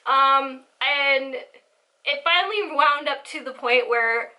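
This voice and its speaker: Bright, high-voiced giggly young woman. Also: slow. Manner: giggly, rambling, animated. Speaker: vlogger. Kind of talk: casual storytelling.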